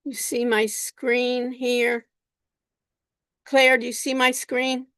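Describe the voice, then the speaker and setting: Slow-paced woman teaching an online class. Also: fairly high pitch, little pitch movement, fairly bright tone, clear, resonant tone, no room sound. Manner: unhurried, repeats words, addresses students by name. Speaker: college instructor.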